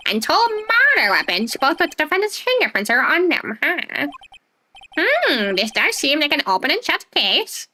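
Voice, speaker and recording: A woman voicing an elderly male courtroom judge with a put-on accent, drawn-out and musing. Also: high-pitched, very animated, pushed and bright, slight background noise, pitched above the performer's own voice, exaggerated voice. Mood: ponderous.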